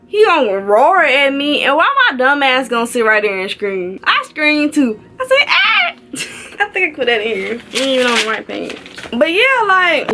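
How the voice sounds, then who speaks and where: A young woman vlogger telling a storytime in casual slang, animated and swooping high when she quotes people. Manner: loose slangy speech with restarts and laughs.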